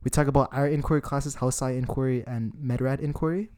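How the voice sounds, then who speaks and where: A man's voice: medium pitch, fairly even intonation, fast talker, darkish tone, dry recording, studio quality. A young man co-hosting a student podcast in casual chat, talkative and leaning on filler words, in a student residence room. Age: young adult. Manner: chatty, leans on filler "like".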